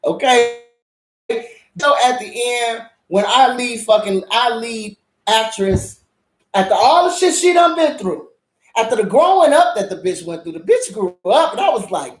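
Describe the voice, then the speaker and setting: A woman's voice: a little high, animated, moderate pace. A woman host reviewing a drama in a casual, blunt rant, swearing heavily and repeating herself for emphasis. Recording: echoey room.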